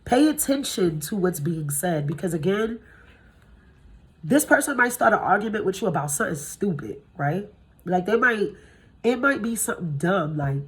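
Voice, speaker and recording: A woman in her thirties giving a casual tarot reading, tired from little sleep, blunt and profane, her voice jumping up in pitch when she gets excited. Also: normal speed, slightly rough. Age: 30s. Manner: blunt and profane, swears freely. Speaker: tarot reader.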